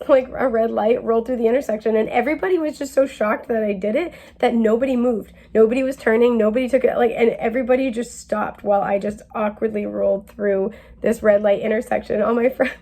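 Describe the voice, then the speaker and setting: Giggly chatty young woman with gravelly fry. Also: a little high, steady tone, a little fast, hardly any pauses, dark tone. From New England. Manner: chatty, giggly, rambling with many fillers. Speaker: tarot reader. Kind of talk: casual spiritual reading.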